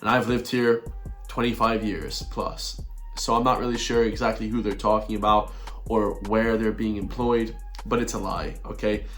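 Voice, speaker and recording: A man's voice: on the low side, flat delivery, normal speed, fairly bright tone, faint music behind. A man doing a blunt, repetitive rant in a video commentary, chuckling between his points. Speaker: online commentator.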